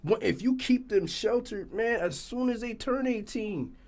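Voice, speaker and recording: A man talks in a loose, colloquial way during a casual conversation. He offers advice and chimes in to encourage the other speaker. His voice sits a touch higher than most men's. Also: measured pace. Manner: relaxed, colloquial, supportive interjections.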